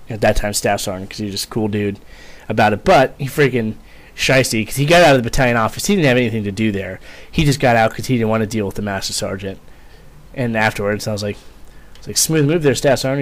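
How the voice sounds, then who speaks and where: A man's voice: on the low side, fast talker. A young man casually telling a rambling, profane story, full of fillers and swearing. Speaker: vlogger, former Marine.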